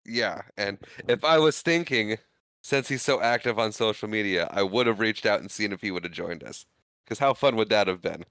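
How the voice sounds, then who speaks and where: A man's voice: on the low side, moderate pace, a bit bright, smooth, no echo. A man co-hosting a podcast, casually retelling a film's scenes and laughing often. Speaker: podcast co-host. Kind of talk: casual movie recap chat.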